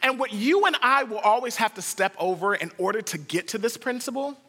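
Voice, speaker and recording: High, bright-voiced preacher in a hall. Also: male voice, fairly quick, husky. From United States. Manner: storytelling, swings from hushed to excited. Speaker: pastor. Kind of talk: sermon.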